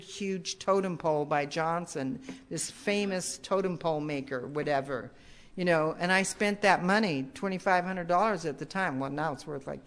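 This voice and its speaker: An older woman giving a personal testimony at a recovery meeting, rambling and restarting with many asides. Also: on the low side. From United States. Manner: rambling, restarts often, many "you know"s. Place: meeting hall.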